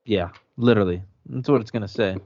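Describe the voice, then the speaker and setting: A man's voice: on the low side, fast, darkish tone, no echo. Man ranting hard on a podcast. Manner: profane, heated ranting storyteller. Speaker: podcast host. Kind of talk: casual sports podcast rant. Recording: dry, dull lo-fi sound.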